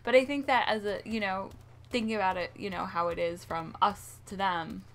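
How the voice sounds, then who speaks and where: A woman's voice: medium pitch, steady tone, moderate pace, over a noisy crowd. A young American woman co-hosting a casual Q&A chat with her husband, easygoing and often laughing at herself. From United States. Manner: laughing, easygoing, self-deprecating. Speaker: co-host, host's wife.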